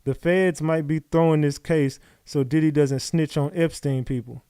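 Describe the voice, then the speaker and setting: A man with a New York accent commenting live on a trial, reading updates aloud and talking to his chat in a profane, animated way. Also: a little high, moderate pace, clear, resonant tone, dry recording, studio quality. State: out of breath. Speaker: livestream commentator.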